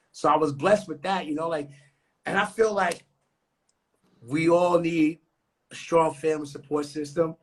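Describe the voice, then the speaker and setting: A man's voice: on the high side, fairly bright tone, breathy edge. A young man from New York talking on a podcast in a loose, slangy, profane way. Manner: slangy, profane, street talk. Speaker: podcast co-host. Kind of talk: casual podcast chat.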